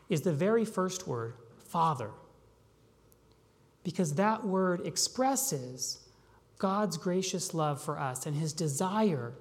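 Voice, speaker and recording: A pastor preaching a sermon, asking rhetorical questions and slowing down on key phrases. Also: medium pitch. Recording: long reverb of a large hall.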